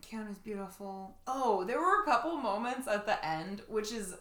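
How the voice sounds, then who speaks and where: A woman's voice: medium pitch, expressive, moderate pace, a bit bright. Giggly woman chatting in an echoey room. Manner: giggly, swears casually, quotes lines in an acted voice. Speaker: podcast co-host. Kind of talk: casual chat. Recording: roomy echo.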